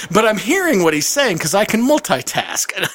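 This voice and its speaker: A man telling a story in casual chat, animated and profane, acting out the people he quotes. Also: sits high, measured pace.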